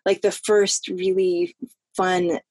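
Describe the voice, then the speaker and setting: A woman's voice: on the low side, level tone, slow, a little mellow, no echo. A woman from Florida, an actress talking in a casual interview, earnest and rambling, often restarting her sentences. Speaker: actress guest.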